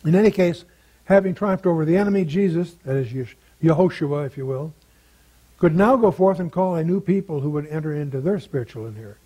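A man's voice: a little high, brisk, warm tone, slightly rough, poor audio. An older man teaching through a Bible passage verse by verse, conversational and asking his listeners rhetorical questions.

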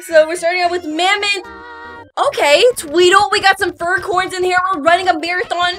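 A woman hosting a casual reaction video, animated and exclamatory, laughing often. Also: very high-pitched, fairly quick, soft background music.

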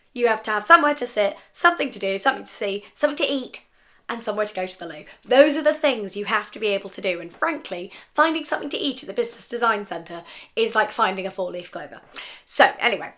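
A chatty woman from England talks straight to camera for her sewing vlog. Her voice sits a little high and sounds bright and sharp. She tells her stories in a lively way, full of asides. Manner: chatty, animated storytelling with asides. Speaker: sewing vlogger. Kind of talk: casual vlog chat.

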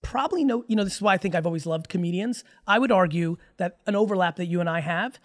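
A man in his forties appears as a podcast guest, speaking in a high-pitched voice. He's casual, emphatic and profane, firing off stories in quick succession.

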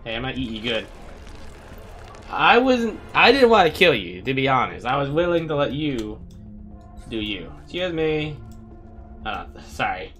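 Bright-voiced playful man on a game playthrough. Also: mid-range voice, big pitch swings, measured pace, pauses often, soft background music. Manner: playful, jokey, talks to game characters. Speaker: gaming video host. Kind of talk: casual let's-play commentary.

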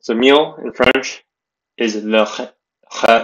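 A man's voice: fairly low pitch, fairly even intonation, slow, a bit bright, low-quality recording. A man narrating a beginner language lesson, explaining carefully with fillers and restarts. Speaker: language teacher.

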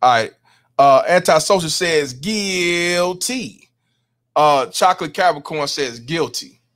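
A man hosts a casual livestream and reads viewer comments out one after another. His voice sits a little high, and he talks emphatically, agreeing with each verdict as he goes. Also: moderate pace, fairly bright tone. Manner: emphatic, repeats "hundred percent", reads chat names. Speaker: livestream host.

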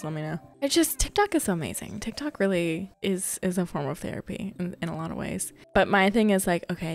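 A young woman chatting casually as a gaming content creator. She rambles and talks to herself while she plays a farming game. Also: on the low side.

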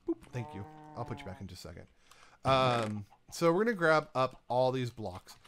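A man with a mid-range voice talks over slight background noise. As a gaming YouTuber, he casually comments on his let's-play, chatting to himself and to the items he places.

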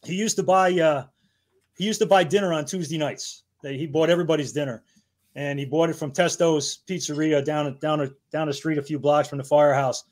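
A man in his fifties with a voice a little higher than most men. He tells loose, rambling stories, laughs often and swears casually. It is a relaxed podcast chat. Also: a little fast. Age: 50s. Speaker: guest, battalion chief. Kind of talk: casual anecdote-telling.

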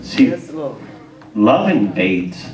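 A young man preaching in a church, telling a testimony story with animated voices and frequent laughter. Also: lowish voice, extremely slow, highs cut off, loud music behind the voice, a loud crowd. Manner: animated storytelling, acts out dialogue, laughs often. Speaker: guest preacher. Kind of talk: sermon testimony. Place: church sanctuary. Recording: roomy church audio, mic far off.

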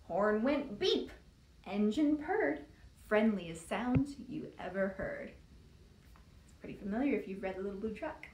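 A woman's voice: mid-range voice, expressive, moderate pace, noisy background. A woman librarian reading a picture book aloud to young children in a sing-song storytime style, putting on voices. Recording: echoey room, distant mic.

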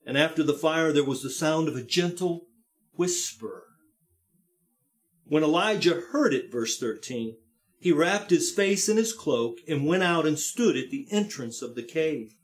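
A man with a high-pitched voice delivers a sermon in a church service. He reads scripture aloud and gives the speakers rising, emphatic voices. Later he leads an earnest prayer in a softer, lower tone. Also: expressive, a little slow. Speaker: pastor. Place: church sanctuary, live-streamed service.

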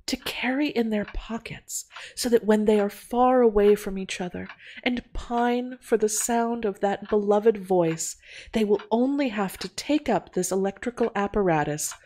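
A woman voicing a lively, amused young lady visitor who talks in a playful, gushing, theatrical way, in an audio drama reading. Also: mid-range voice, a little hiss or hum, pitched above the performer's own voice, lightly acted.

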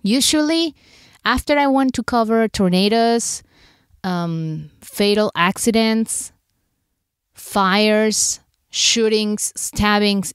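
A woman's voice: medium pitch, clear, resonant tone, no room sound, studio quality. A woman podcast host candidly retelling an emotional personal story, acting out her own inner thoughts as she goes.

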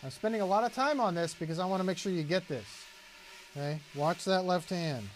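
A man's voice: sits high, lively intonation, fairly quick, a little hiss or hum. A man teaching a drum lesson, patiently explaining and counting beats aloud as he plays. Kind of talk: instructional demonstration.

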